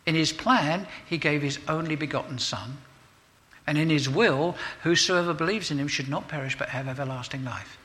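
A man preaching a sermon as pastor, stressing key words with rising emphasis and repeating points, then leading a closing prayer. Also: pushed and bright. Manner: emphatic, rises in pitch to stress key phrases; repeats points for emphasis and prays aloud to close. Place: church service.

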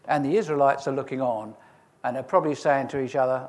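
A man preaching a sermon, reading scripture and retelling it in a lively, humorous storytelling way with asides to the listeners. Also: mid-range voice, quick pace.

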